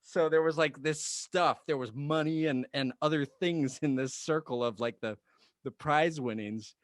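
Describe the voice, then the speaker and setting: A man's voice: on the high side, unhurried, no echo, studio quality. A middle-aged man co-hosting a casual podcast, telling a band story with lots of laughing and repeated words. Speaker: podcast co-host, band member.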